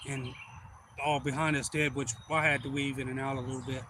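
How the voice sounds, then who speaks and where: A man hosting a fishing livestream, telling a rambling, folksy story that turns loud and excited. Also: mid-range voice, brisk, background noise.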